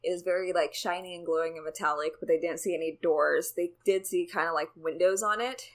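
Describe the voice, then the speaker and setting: A woman co-hosting a podcast tells a story briskly in a fairly low, steady voice. She's chatty and sweary and says "like" constantly.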